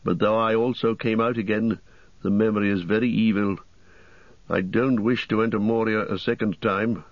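A man's voice: on the low side, steady tone, normal speed, dry recording, dull audio, natural voice. A man voicing a grim, weary human ranger who speaks heavily and seriously. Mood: somber.

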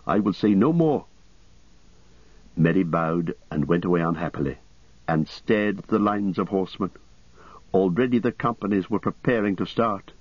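A man reading an audiobook as narrator in a steady, measured way. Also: sits low, no room sound, highs cut off. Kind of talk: scripted narration.

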